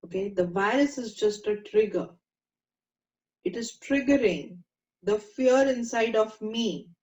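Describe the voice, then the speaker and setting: A woman teaching a meditation class, gentle and coaxing, asking the group questions. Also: on the high side, unhurried. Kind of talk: spiritual class talk. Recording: dull lo-fi sound in an echoey room.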